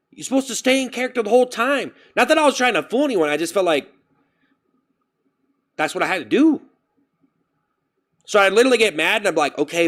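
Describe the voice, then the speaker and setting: A man chatting on his live stream, rambling and animated, breaking off to thank viewers for donations. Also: a little high. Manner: rambling, animated, jumps to loud self-scolding; reads out and thanks chat donations. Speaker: livestreamer. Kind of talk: casual stream chat.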